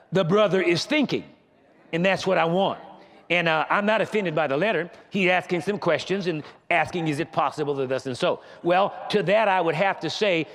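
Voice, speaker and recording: A man's voice: sits high, creaky, fairly bright tone, long reverb tail. A man preaching to his congregation, reading a letter aloud and answering it point by point. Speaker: pastor. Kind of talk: sermon.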